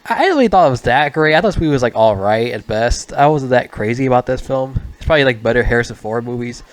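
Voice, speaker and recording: A man's voice: medium pitch, expressive, fast. A man giving a casual spoken movie review, rambling, swearing often and stumbling over his words.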